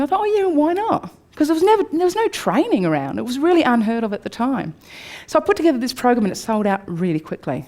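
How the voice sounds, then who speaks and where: An Australian woman in her forties tells a candid personal story to a live audience. Her telling swings from upbeat to hushed. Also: on the high side. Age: 40s. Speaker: speaker. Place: room before a live audience.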